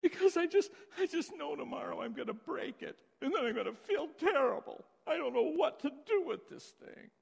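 A man's voice: extremely high pitch, expressive, moderate pace, creaky, hardly any pauses, a little mellow, voice pushed up, exaggerated voice. A man voicing an anxious, gloomy six-year-old boy who frets and whines in a raised voice. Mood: worried. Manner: fretful whining. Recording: long reverb in a big hall.

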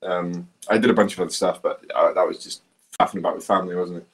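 Jokey, swearing co-host. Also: male voice, low-pitched, fairly even intonation, fast. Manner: swears, jokey, mock-quotes others. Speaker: podcast co-host. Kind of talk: casual chat.

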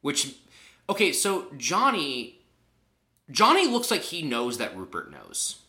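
A male podcast co-host in casual chat who talks with emphasis and swears freely. His pitch swoops up and down a lot, and his tone is bright and forceful. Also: huge pitch swings, slow. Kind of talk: casual chat recapping a reality show.

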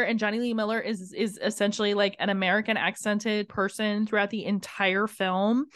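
A woman co-hosting a movie review podcast, chatting casually in an animated, gushing way and laughing often. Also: fairly high pitch, dry recording, clean studio sound. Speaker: podcast co-host.

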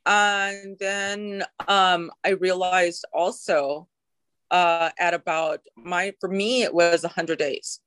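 A woman's voice: fairly low pitch, fairly even intonation, takes it slowly, a bit bright, clean tone, no echo. A woman sharing her personal recovery story in an interview, talking in an emotional, frank way with occasional swearing.

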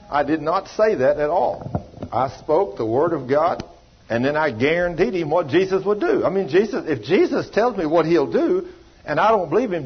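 A man's voice: fairly high pitch, husky, dull audio. Folksy preacher man telling stories. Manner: storytelling preacher acting out dialogue in a folksy drawl. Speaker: pastor. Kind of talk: sermon.

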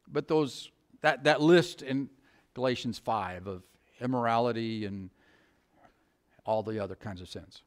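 A man's voice: mid-range voice, a little slow, long pauses. A middle-aged male pastor preaching a sermon, asking the congregation rhetorical questions in a conversational way.

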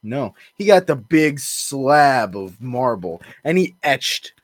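A man's voice: mid-range voice, sing-song, slow, no echo. Jokey podcast guy, bouncy voice, tosses out silly bits. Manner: playful, jokey asides. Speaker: podcast co-host. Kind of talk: casual chat.

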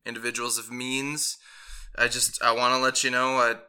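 A guarded, soft-spoken priest of a far-off planet, leader of a flock, speaks in measured, formal tones, as a man puts him on. The voice is very bright and clear. He holds something back behind his politeness. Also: medium pitch, little pitch movement. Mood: calm, formal.

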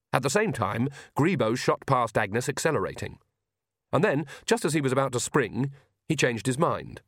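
Narrador de audiolibro, voz seca. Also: male voice, mid-range voice, no echo, studio quality. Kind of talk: scripted narration.

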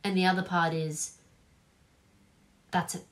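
Aussie woman podcast cohost, low-ish voice, animated, swears a bit. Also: measured pace. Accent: Australian. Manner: animated, swears casually, acts out quotes. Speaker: podcast co-host. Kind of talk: casual chat.

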